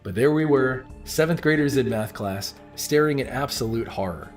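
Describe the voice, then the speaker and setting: A man's voice: mid-range voice, expressive, moderate pace, soft background music. A man in his thirties giving earnest, scripted narration and asking the viewers questions directly. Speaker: video narrator.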